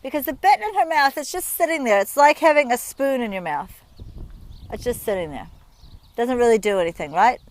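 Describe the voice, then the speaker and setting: On horseback at a rural horse yard, a female riding instructor speaks a little fast in an expressive voice on the high side. Her instructional talk is friendly and conversational, built around everyday examples.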